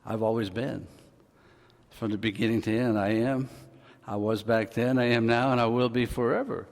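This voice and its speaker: A male pastor with a mid-range voice and fairly even intonation preaches at a normal speed in a church hall with long reverb. His sermon is folksy, with jokes for the congregation and a voice that swells for emphasis.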